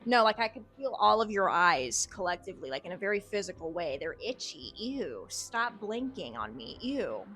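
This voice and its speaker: A woman's voice: mid-range voice, big pitch swings, moderate pace, hardly any pauses, pushed and bright, soft background music. A woman hosting a video, ending it with a rambling, playful and absurd outro full of stammering asides. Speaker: YouTube host.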